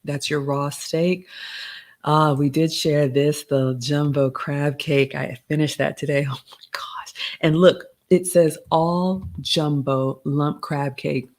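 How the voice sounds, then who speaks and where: A middle-aged woman, a little raspy today, hosting a casual live stream and chatting through a menu with etiquette tips. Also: low voice, fairly even intonation, slow, darkish tone. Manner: chatty, gives etiquette tips, addresses viewers as y'all. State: slightly raspy. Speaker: host of a live stream reviewing a restaurant menu.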